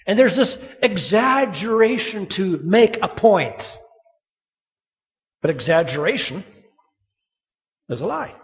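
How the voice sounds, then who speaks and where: A man preaching a sermon, telling stories with lively acted-out quotes. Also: high-pitched, slow pace, long pauses. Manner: animated storytelling, acting out quoted voices. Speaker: pastor. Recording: muffled sound in a reverberant hall.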